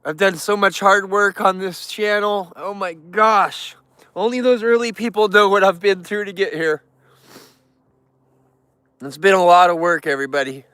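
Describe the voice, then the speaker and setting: A man with a high, bright voice chats casually on a livestream, emotional and talkative, greeting viewers and animals by name. His voice comes through clear and crisp, with a dry, close sound. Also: normal speed, no room sound.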